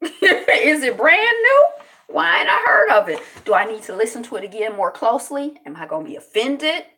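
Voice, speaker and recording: A middle-aged woman hosts a relaxed live commentary on the news and talks straight to her viewers in the chat. Her voice sits a bit high and leaps up and down constantly. She now and then bursts into loud exclamations. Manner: chatty, greets viewers in the chat, quick laughs; animated, breaks into loud exclamations. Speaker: host of a news commentary channel. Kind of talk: casual live-stream commentary.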